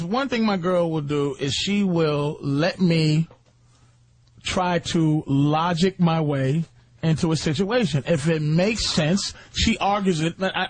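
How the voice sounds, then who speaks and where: A man on a radio show, arguing his point in crude, heated banter with loud bursts of laughter. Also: a little high. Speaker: comedian regular on a radio show.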